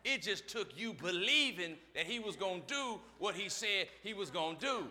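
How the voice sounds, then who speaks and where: A man's voice: high-pitched, animated, normal speed, sharp tone. A man preaching a sermon to his church, with rhythmic call-and-response phrases and repeated lines. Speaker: pastor. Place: church service.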